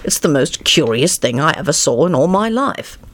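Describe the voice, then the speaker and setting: A man's voice: a little high, big pitch swings, normal speed, fairly bright tone. A man voicing a curious, polite little girl in a bedtime story, earnest and puzzled. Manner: polite, questioning.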